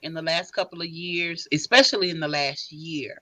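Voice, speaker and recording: Emphatic bright-voiced woman guest. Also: low-pitched, moderate pace, dry recording, low-quality recording. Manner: emphatic, animated advice-giving. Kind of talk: casual chat.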